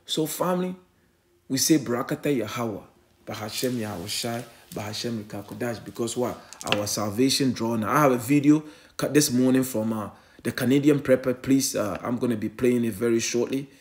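Male online preacher, fervent and repetitive, mid-pitched. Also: a little fast. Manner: fervent, repetitive, frequent "eh?" and "family". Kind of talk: online sermon and commentary.

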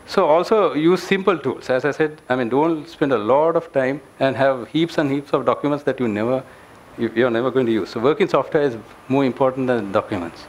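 A man's voice: mid-range voice, a little fast, slight background noise. A man, an engineering director, giving a presentation at a meetup, speaking earnestly with many fillers and restarts as he gives advice. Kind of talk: conference presentation. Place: meetup venue with an audience.

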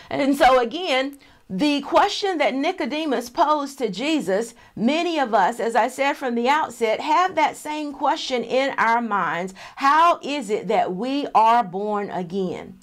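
A woman pastor delivers a Bible teaching with a high, bright-toned voice. She explains each point step by step and slows right down to read verses aloud. Her delivery is measured and deliberate. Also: animated. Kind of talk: sermon.

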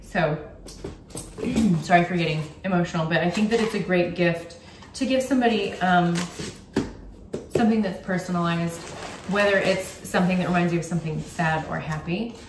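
A woman's voice: lowish voice, fairly quick, recorded from a distance, background noise. A young woman vlogging casually about gift ideas, candid and chatty with frequent ums. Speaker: YouTuber. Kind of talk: casual gift-guide vlog. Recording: roomy echo, from off the mic.

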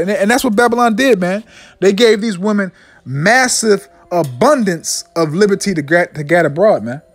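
A man preaching a fiery sermon, ending nearly every line with "man" and slowing down to read scripture solemnly. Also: sits high, animated, husky, soft background music. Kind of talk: fiery street-style sermon with scripture readings.

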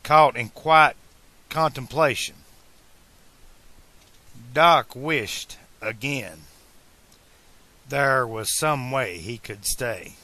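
Slow, bright-voiced male narrator. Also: medium pitch. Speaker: audiobook narrator. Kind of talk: fan-made audiobook narration.

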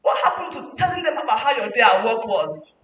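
A woman delivers a lively motivational talk, her bright, forceful voice carrying through an echoing hall. She sounds set back from the mic, with a faint hum of noise behind her. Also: a little high, fairly quick, recorded from a distance. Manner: animated, preachy, mixing in laughs. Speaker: guest speaker at a parenting summit.

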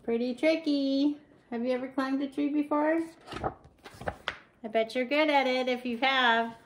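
A woman's voice: high voice, fairly even intonation, measured pace, slight background noise, rough recording. A woman reading a picture book aloud to young children, with chatty asides to her listeners. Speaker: storyteller.

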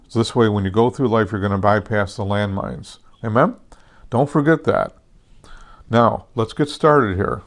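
A man's voice: on the low side, normal speed. Man preaching in a chatty, checking-in way. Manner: conversational, repeats "okay" and "amen" checks with listeners; frequent restarts and self-corrections. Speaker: pastor. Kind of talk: sermon teaching.

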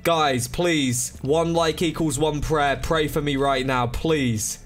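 A man's voice: on the high side, slow. Frantic young man streaming a zombie game. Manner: swears, begs and pleads under pressure; excitable, exclaiming at the game. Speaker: gaming streamer. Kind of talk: frantic live gameplay commentary. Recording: loud game music behind. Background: game music.

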